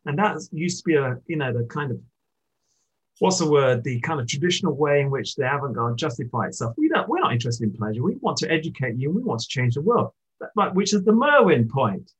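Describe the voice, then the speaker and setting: Husky-voiced man musing on poetry. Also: a little high, very animated, rough recording. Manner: thoughtful, halting, restarts mid-thought. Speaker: poet, interviewee. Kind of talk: reflective literary conversation.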